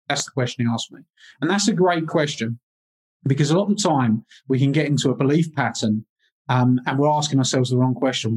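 A man's voice: mid-range voice, brisk, darkish tone, husky. Confident motivational businessman. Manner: confident, motivational, repetitive emphasis. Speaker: business coach, guest. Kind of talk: casual interview.

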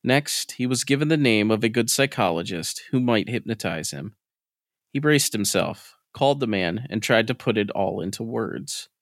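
A man narrating a scripted story in a measured, steady reading voice. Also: lowish voice, no room sound, clean studio sound. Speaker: podcast narrator.

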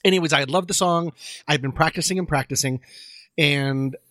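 A man's voice: fairly high pitch, fairly quick, pushed and bright, no room sound. Giggly man telling stories on a podcast. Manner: laughs often, self-deprecating storytelling. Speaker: podcast co-host. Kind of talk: casual podcast chat.

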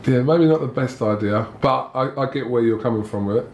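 A man's voice: medium pitch, a little fast, a little mellow. A man interviewing a boxer, asking pointed questions and pushing follow-ups. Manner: probing, pushes follow-ups. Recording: roomy with background noise.

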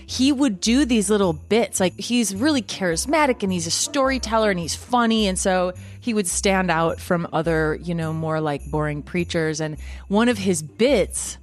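A woman co-hosting a comedy podcast, telling stories in a casual way. She acts out the voices in her stories, and her pitch swings widely. There is faint music behind her. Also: moderate pace, hardly any pauses. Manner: animated storyteller who acts out voices. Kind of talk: casual chat, storytelling.

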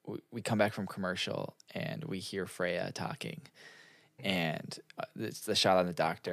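A man with a lowish voice recaps a TV episode in casual chat with friends. He plays out the characters' lines in quick asides as he goes. The mic sounds dry and close. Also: steady tone, gravelly, fairly bright tone, no echo. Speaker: podcast co-host recapping an episode.

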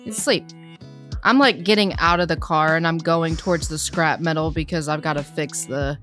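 A woman's voice: low-pitched, steady tone, normal speed, fairly bright tone, faint music behind. A woman playing a tabletop game, speaking in character in a brash, offhand way. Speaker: player.

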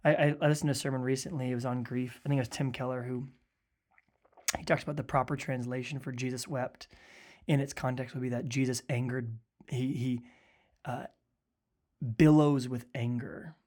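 A man who is a pastor and is grieving, talking earnestly in a conversational podcast, sometimes dropping to a hushed voice to quote others. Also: medium pitch, fairly even intonation, normal speed.

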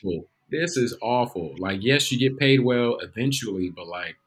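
A man's voice: medium pitch, animated, moderate pace, breathy edge. Laid-back joking man. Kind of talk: casual chat.

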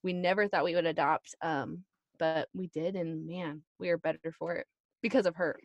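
A woman in her thirties tells a family story as a podcast guest, chatty and animated, acting out the voices of the people she quotes. Her voice sits a little low. The sound is dry, with no room echo. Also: moderate pace, dull audio. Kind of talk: casual chat.

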